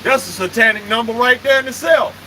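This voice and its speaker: A man's voice: very high voice, a little fast, background noise. A man preaching on a live stream, emphatic and confrontational, firing off rhetorical questions and cursing.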